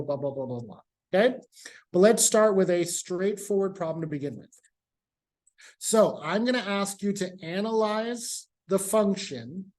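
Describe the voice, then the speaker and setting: A man's voice: high voice, a little mellow. Casual male math professor lecturing. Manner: casual, repeats key points, speaks to students directly. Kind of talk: classroom lecture.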